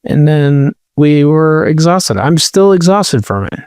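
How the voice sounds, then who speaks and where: A man tells a relaxed story on a casual podcast, with a smooth, resonant voice at a close mic. The sound is dry and without echo. His delivery is laid-back, with deadpan quips. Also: fairly high pitch, takes it slowly. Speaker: podcast co-host. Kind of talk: casual comedic podcast chat.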